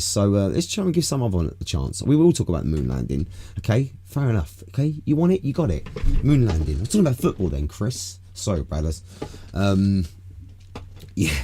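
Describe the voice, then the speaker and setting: A man's voice: low-pitched, dark tone, a little hiss or hum. A man hosting a casual live stream, rambling loosely from topic to topic and swearing freely. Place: home room.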